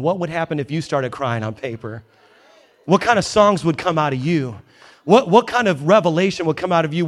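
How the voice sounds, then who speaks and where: Male pastor, emphatic sermon delivery, wry asides, a touch higher than typical. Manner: emphatic, conversational, joking asides. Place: church in New York.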